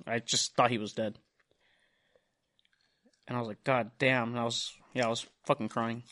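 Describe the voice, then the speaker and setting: A young man on his own podcast chats casually through a lengthy, profane anecdote, impersonating the other people's lines as he goes. He speaks at normal speed in a mid-range voice.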